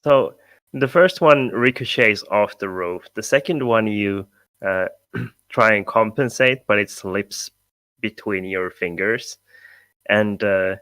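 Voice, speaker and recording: A man with a lowish voice narrating a tabletop game as dungeon master, in no hurry at all. He talks through a home computer mic with a dry, close sound. His narration is halting and full of chuckles. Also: a bit bright, dry recording. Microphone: home computer mic on voice chat.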